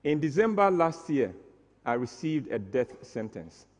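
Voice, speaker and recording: Animated older storyteller. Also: male voice, on the high side, measured pace, big-room sound. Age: 60s. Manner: animated, acts out scenes, mock-dramatic. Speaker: stage performer. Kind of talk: comic storytelling on stage.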